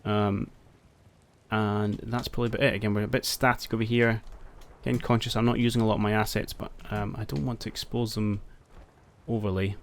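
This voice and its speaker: A man with a fairly low voice talks through a tactical war game as he plays. He muses out loud, hesitates with ums, and addresses his soldiers like a coach cheering them on. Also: fairly quick. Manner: thinks aloud, talks to his units, excited outbursts. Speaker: gameplay commentator. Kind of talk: casual let's-play commentary.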